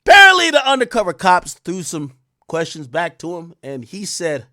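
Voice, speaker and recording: A man giving sarcastic live-stream commentary, mocking as he goes, jumping between loud outbursts and muttered asides. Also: sits high, wildly swooping pitch, normal speed, no echo, clean studio sound.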